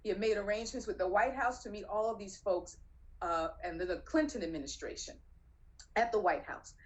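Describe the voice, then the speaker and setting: A middle-aged woman telling a personal true story on stage, acting out the dialogue in an animated way. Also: brisk, low-quality recording. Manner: animated, acts out dialogue with rising pitch.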